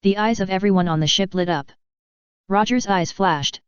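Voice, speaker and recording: Woman audiobook narrator, plain reading, low voice, dry muffled audio. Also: moderate pace, clear, resonant tone, dry recording.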